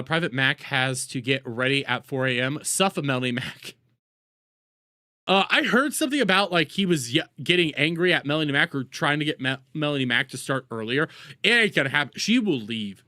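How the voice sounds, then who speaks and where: A man's voice: on the high side, bright, forceful tone, no room sound, studio quality. A man doing crude, sarcastic reaction commentary as a streamer, mocking the people he watches.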